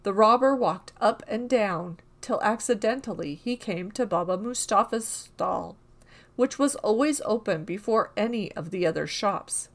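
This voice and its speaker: A woman narrating a classic folk tale in a calm, even storybook reading. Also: medium pitch, unhurried.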